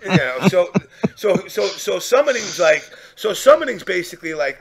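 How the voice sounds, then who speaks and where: A man telling a profane, animated story in casual chat, acting out the people he quotes. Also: high-pitched, normal speed, breathy edge.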